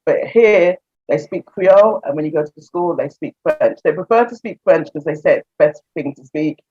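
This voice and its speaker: A woman from England with an English accent, a counselor, chats as a guest in a casual video-call interview, laughing often and acting out conversations. Her voice sits low with a dark tone, animated at normal speed, on muffled lo-fi audio.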